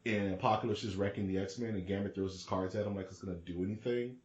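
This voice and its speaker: A fairly low-voiced man rambles excitedly in slangy casual chat as a podcast co-host. His voice bounces around an echoey room. The recording sounds dull and lo-fi. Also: fast talker.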